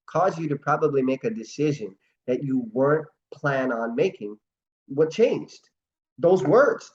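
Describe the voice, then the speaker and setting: A man's voice: mid-range voice, a little mellow, muffled recording. A man hosting an online motivational talk, telling stories earnestly and acting out quotes. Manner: earnest, storytelling, acts out quotes. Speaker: host.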